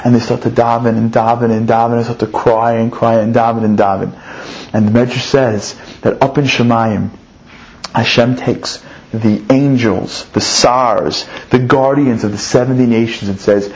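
A man teaching through a story in an animated way, his voice climbing high on emphatic points and repeating words as he builds the tale. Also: normal speed. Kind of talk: storytelling lesson. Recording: dull lo-fi recording.

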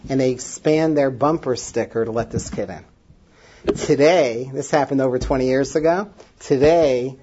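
A therapist recounts a story to a gathered audience, their speech full of halting fillers and restarts as the feeling rises. The recording sounds dull and muffled, with a faint hiss underneath. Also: medium pitch. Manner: emotional, with many fillers and restarts.

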